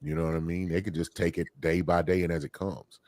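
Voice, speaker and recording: Brief: male podcast host, very low voice, dry close sound, lively and exclaiming. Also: fast, no echo. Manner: animated, exclaiming, reads out viewer comments. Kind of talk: casual podcast conversation.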